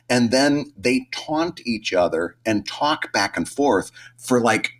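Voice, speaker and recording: A man co-hosting a podcast in casual chat, animated and acting out quoted lines. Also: lowish voice. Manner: animated, acts out quoted lines in changing voices. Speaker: podcast co-host.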